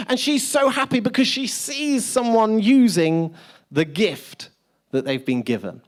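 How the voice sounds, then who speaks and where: A man's voice: very high-pitched, very animated, measured pace. A man preaching a sermon in a church. He talks in a loose, chatty way, pokes fun at himself and spins everyday stories for his congregation. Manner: chatty, self-deprecating storytelling. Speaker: pastor. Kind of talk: sermon with humorous anecdotes. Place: church service with live audience.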